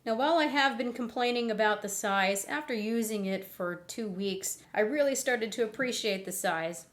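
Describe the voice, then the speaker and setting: A woman's voice: a little high, moderate pace. A young woman giving a candid, conversational phone review while getting over laryngitis. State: recovering from laryngitis. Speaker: tech reviewer. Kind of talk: casual product review.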